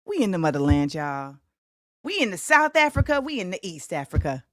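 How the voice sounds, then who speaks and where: A woman in her forties hosting a livestream talk show, chatting animatedly and breaking into sing-song shout-outs to the chat. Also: lowish voice, big pitch swings, fairly quick. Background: faint music.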